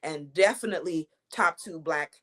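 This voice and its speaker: A woman's voice: low-pitched, normal speed, a bit bright. A young woman, a wrestling champion, talking confidently in a casual interview, trash-talking her opponents between fillers and restarts.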